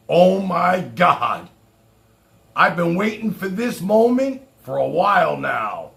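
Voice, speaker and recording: A man chats on his own livestream in a boastful, rambling manner. He talks slowly, his high voice swinging widely with a gravelly edge. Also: sing-song, a bit bright. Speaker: livestream host. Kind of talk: casual livestream chat.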